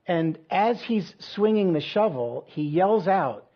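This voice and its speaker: Husky-voiced pastor telling a story. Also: male voice, high voice, expressive, takes it slowly, lo-fi sound. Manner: conversational, self-deprecating storytelling with many fillers. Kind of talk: sermon with personal story.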